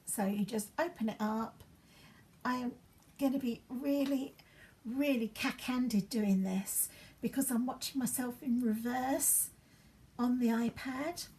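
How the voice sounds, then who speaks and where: A woman chats in a rambling way as she styles her hair for a get-ready-with-me vlog at home, dropping into soft asides. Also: fairly high pitch, unhurried. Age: 50s. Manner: chatty, rambling, drops into soft asides while working. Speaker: beauty vlogger.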